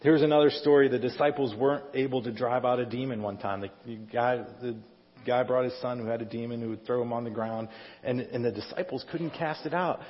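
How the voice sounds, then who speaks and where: A middle-aged male pastor delivers a conversational sermon in a church sanctuary, frequently putting questions to the congregation. His mid-range voice is steady and fairly quick. The recording sounds dull, captured in a reverberant hall.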